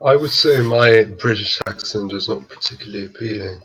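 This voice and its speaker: A man's voice: lowish voice, a little fast, a bit bright, a little hiss or hum. A man chatting casually in a voice chat, puzzled and asking questions.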